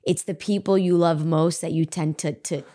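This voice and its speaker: A woman hosting a podcast interview, expressive and emotional, often affirming her guest. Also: deep voice, moderate pace. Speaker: podcast host. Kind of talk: conversational interview.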